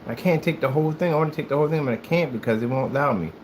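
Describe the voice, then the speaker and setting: A man from the United States chatting casually while he plays, telling rambling, animated stories in a hyperactive way. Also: fairly high pitch, rapid-fire, a little hiss or hum. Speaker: gaming streamer. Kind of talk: casual chat while playing.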